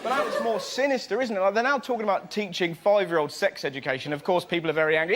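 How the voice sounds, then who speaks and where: A man performing a fast stand-up comedy routine in a TV studio, slipping into silly voices for the people in his jokes. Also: high-pitched. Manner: quick, animated, mimics people in silly voices. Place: TV studio with live audience. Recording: TV audio with loud background noise.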